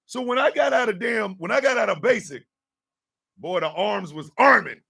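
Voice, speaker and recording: A middle-aged man, hosting a morning radio show and telling profane, animated stories with shouted impressions. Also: sits high, moderate pace, creaky, slightly rough, far from the mic. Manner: animated storyteller, profane, mimics drill sergeants.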